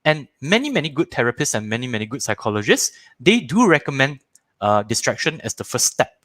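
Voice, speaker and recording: Animated Malaysian man teaching parents. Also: mid-range voice, a little fast, no echo. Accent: Malaysian English. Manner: animated, acts out little scenes in shifting voices; repeats words and phrases for emphasis. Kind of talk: live online parenting workshop.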